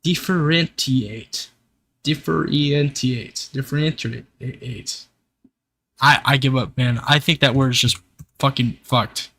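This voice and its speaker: A man's voice: mid-range voice, flat delivery, normal speed, sharp tone. A young man streaming live, ranting casually to his chat with frequent swearing. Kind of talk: casual livestream rant.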